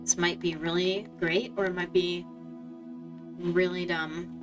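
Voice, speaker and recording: A woman's voice: lowish voice, level tone, a little slow. Young woman, casual gaming chatter, wanders off topic constantly, filler-heavy delivery, faint game music underneath. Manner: rambling, loses her train of thought, many fillers. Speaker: streamer. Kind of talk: casual chat while gaming.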